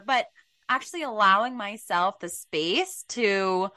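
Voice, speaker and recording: A woman's voice: medium pitch, big pitch swings, measured pace, sharp tone, no echo. A woman hosting a podcast, candid and casual, swearing freely and laughing as she talks. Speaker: podcast host.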